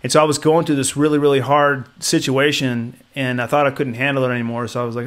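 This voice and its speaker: A man co-hosting a podcast from his home, telling a personal story in a rambling, animated way with many restarts. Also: medium pitch, fast talker. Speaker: podcast co-host. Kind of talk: casual chat, storytelling.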